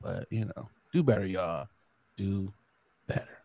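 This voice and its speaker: A man co-hosting a podcast in casual chat, telling stories animatedly and acting out quotes. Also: unhurried. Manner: animated storytelling, acts out quotes in a high voice. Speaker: podcast co-host.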